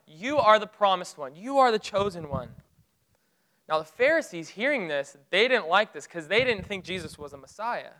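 A man preaching a sermon, retelling a Bible story with rising excitement and dropping to hushed, solemn tones. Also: high voice, rough recording. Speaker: pastor.

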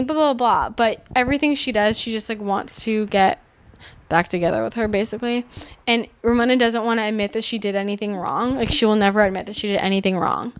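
A woman casually recapping a reality show, animated and exasperated, swearing freely and saying "like" constantly. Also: mid-range voice. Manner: animated, swearing, heavy use of "like"; exasperated, sarcastic commentary. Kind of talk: casual chat.

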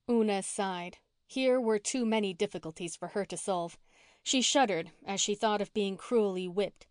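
A woman reading a classic novel aloud as an audiobook narrator, in an even, measured way. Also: medium pitch, no echo, clean studio sound. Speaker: audiobook reader. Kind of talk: scripted narration.

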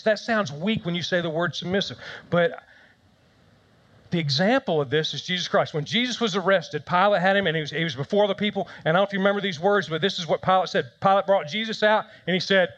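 A man's voice: high voice, fairly bright tone, dull audio. A man preaching a conversational sermon, telling stories with self-deprecating humor. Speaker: pastor.

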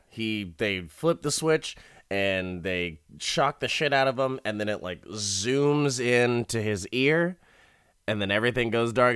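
A man talks his way slowly through a movie plot, cracking himself up and swearing loosely as he goes. His voice sits at an ordinary middle pitch and sounds dry and close to the mic. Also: fairly bright tone, clean tone, dry recording. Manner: laughs often, swears freely, rambling. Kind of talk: casual movie recap.

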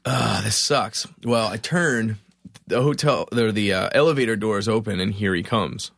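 A man from Philadelphia, a musician guest on a podcast, telling a story in an animated, profane, self-mocking way. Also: fairly low pitch, moderate pace, no echo, clean studio sound.

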